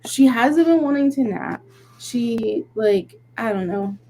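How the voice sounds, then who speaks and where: A young woman co-hosting a casual podcast, venting in an animated, rambling way that is full of "like"s. Her voice sits fairly high. A faint noise runs underneath. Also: slow, low-quality recording. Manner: venting, animated storytelling with many "like"s. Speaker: podcast co-host. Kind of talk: casual chat.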